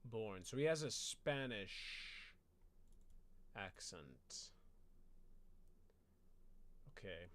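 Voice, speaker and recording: A man rehearsing a speech on camera, muttering to himself and telling the story with lively ups and downs. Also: on the low side, very slow, long pauses. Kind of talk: casual vlog rehearsal.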